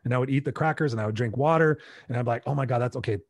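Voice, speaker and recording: A man's voice: medium pitch, very fast, dry recording, clean studio sound. A middle-aged American man telling a personal story in conversation, animatedly acting out his own past dialogue. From United States. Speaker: interview guest.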